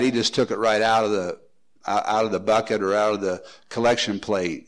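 A man's voice: lowish voice, poor audio. An older man preaching a folksy sermon as pastor, breaking into joking asides.

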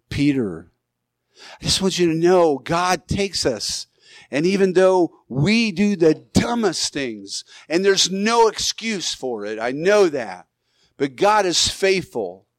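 A male pastor preaching a sermon, animated, acting out Bible figures in quick asides. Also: fairly high pitch, dry recording.

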